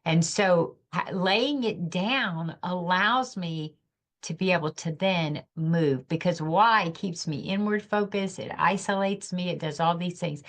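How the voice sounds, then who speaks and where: A woman's voice: on the low side, unhurried. A middle-aged woman, a podcast guest, telling her personal story of loss in an earnest, emotional, reflective way.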